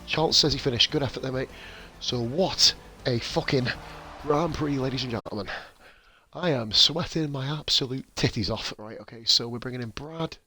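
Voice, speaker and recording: A man's voice: mid-range voice, normal speed, pushed and bright. A man hosting a racing league live stream, swearing and joking through the results and interviews. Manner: sweary, jokey banter. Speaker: league host and race commentator. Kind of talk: casual post-race live stream.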